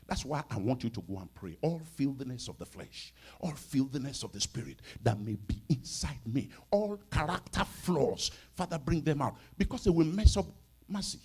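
A man in his fifties preaching a sermon as pastor, animated, with sudden shouts and soft asides. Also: mid-range voice, moderate pace, slightly rough. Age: 50s.

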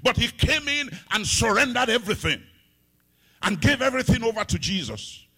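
A middle-aged African pastor preaches a sermon at a moderate pace in a sing-song voice with a breathy edge. He swings between loud, sung-out phrases and hushed, low asides.

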